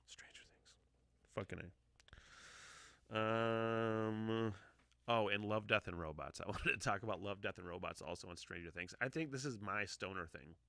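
A man's voice: lowish voice, gravelly, sharp tone, dry recording. A man in his forties hosting a podcast, rambling casually, swearing a lot and sighing often. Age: 40s. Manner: profane, emotional, sighing often. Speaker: podcast host.

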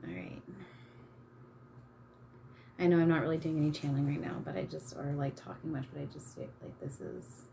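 A woman's voice: deep voice, flat delivery, moderate pace, creaky, pauses often, mellow, slight background noise. A woman chatting casually while she paints, self-mocking and embarrassed, giggling and swearing freely. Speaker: channeler and vlogger.

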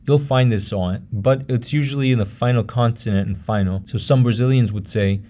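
A man narrating a pronunciation lesson in a measured way, saying example words slowly and often twice. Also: medium pitch, dark tone. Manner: measured, repeats each example word slowly. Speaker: language teacher.

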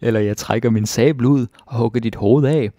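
A man reading the lines of a rude, threatening young soldier from a fairytale, loudly and forcefully. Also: low-pitched, steady tone, normal speed, no room sound, studio quality. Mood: demanding.

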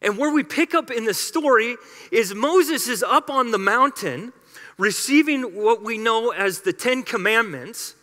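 Pastor, man, high and bright, storytelling sermon delivery, long church reverb. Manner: storytelling, emphatic, conversational. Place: church sanctuary.

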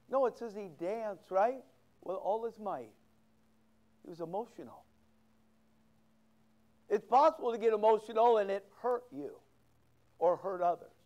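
Man, middle-aged, pastor, sermon, high-pitched, emphatic scripture reading. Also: moderate pace, long pauses, a little mellow, highs cut off. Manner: preaching with big swings of emphasis, quoting scripture.

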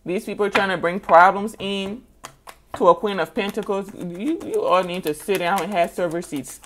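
A woman's voice: medium pitch, normal speed, a little hiss or hum. A woman giving a casual tarot reading, blunt and emphatic, with sassy, scolding asides and the same points said again and again. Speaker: tarot reader.

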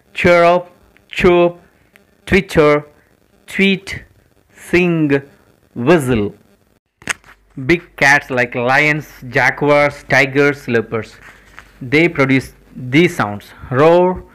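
A man hosting his own channel, reading a list of animals and their sounds one by one, slowly and deliberately. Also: fairly high pitch, a bit bright, rough recording. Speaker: channel host. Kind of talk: educational word list reading.

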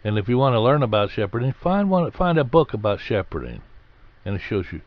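Man, low-pitched voice, conversational sermon, plain-spoken, repeats phrases, dull lo-fi recording. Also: very animated, a little fast. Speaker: Bible teacher.

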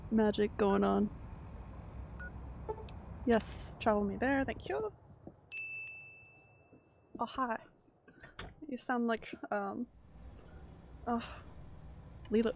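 A woman's voice: on the high side, vocal fry, a little hiss or hum. A woman streaming a video game, chatting casually, laughing often and answering her chat. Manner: chatty, giggly, reads chat aloud.

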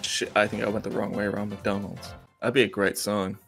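A young man with a fairly low voice chats over a game in a dry, playful way. He slips into mock-formal lines and shares plenty of jokes. Faint game music plays behind him. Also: flat delivery, brisk, creaky, a bit bright. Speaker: gaming friend. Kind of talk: casual gaming chat.

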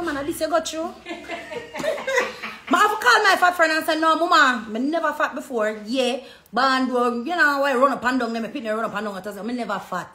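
A woman with a Jamaican accent chatting casually on a phone livestream from a hair salon. She tells stories in patois and acts out the voices of the people she quotes. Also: fairly high pitch. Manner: animated storytelling in patois, acting out quoted voices. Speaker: social media personality. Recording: echoey room with faint background noise.

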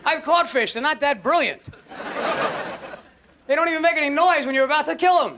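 High-voiced mocking stand-up man. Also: expressive, fairly quick. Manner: incredulous, mocking, acts out voices. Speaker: stand-up comedian. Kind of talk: stand-up comedy routine. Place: comedy stage before a live audience. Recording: live show with loud crowd and noise. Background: loud audience laughter.

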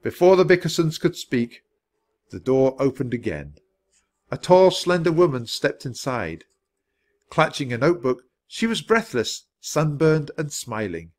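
A man reading a children's chapter book aloud with expressive storytelling. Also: a little high, unhurried. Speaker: storybook reader.

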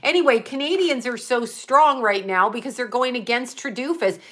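Lady rambling on her livestream, cussing, reading chat out, bright sharp voice. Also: a little high, normal speed. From Buffalo area, US. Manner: rambling, profane, reads chat comments aloud. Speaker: livestream host.

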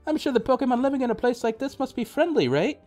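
A man's voice: very high-pitched, animated, fast talker, soft background music, pitched above the performer's own voice. A man doing a chirpy, sing-song mom voice. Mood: cheery. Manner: bright, sing-song reading of game dialogue. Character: cheerful, chatty mother.

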